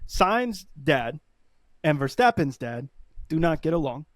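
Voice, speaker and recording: A man co-hosting a podcast in casual chat, excitable and quick to laugh. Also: fairly high pitch, no room sound, clean studio sound. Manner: excitable, laughs often, fast bursts. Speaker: podcast co-host.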